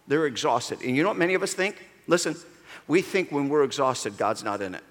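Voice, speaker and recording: A man's voice: a little high, animated, fairly quick. A man preaching a sermon as pastor, with emphatic delivery that calls for answers from the congregation, echoing in a large church auditorium. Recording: long reverb of a large hall.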